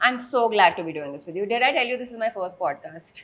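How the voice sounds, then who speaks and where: A woman, an actress, speaking in a candid interview chat, quick and chatty. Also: medium pitch, lively intonation, a bit bright, slight background noise. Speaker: actress guest. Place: recorded in a café or room.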